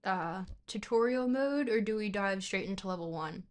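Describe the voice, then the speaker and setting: Woman streamer, casual livestream book reading, rambling and playful, mid-pitched. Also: animated, normal speed. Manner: rambling and playful, with frequent fillers and self-corrections. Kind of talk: reading a book aloud on a livestream, chatting between passages.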